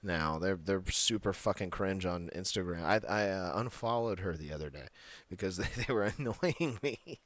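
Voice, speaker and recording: A man's voice: low-pitched, animated, moderate pace, a bit bright, no room sound. A man co-hosting a casual wrestling podcast, talking bluntly, swearing freely and laughing often. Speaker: podcast co-host.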